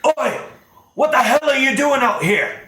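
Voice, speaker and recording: Male player voicing a hobgoblin ally with a short fuse, sharp and bossy, echoey room. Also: mid-range voice, measured pace, natural voice. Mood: angry. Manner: shouting, cursing, bossy.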